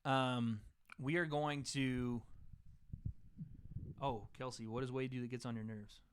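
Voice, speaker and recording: A man's voice: mid-range voice, fairly even intonation, measured pace, smooth. A young man hosting a casual livestream chat, joking around and reading out viewer comments. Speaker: host.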